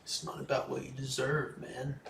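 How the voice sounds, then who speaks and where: A man's voice: mid-range voice, flat delivery, normal speed, gravelly, fairly bright tone, reverberant, a little hiss or hum. A man in his twenties hosting a casual livestream, answering viewer questions in a laid-back, chatty way that often trails off. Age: 20s. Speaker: livestream host. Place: room in a home.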